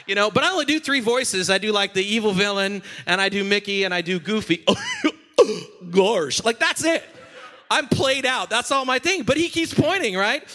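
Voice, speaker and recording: A man who is a senior pastor, preaching a sermon in a church with animated, playful storytelling. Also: sits high, moderate pace.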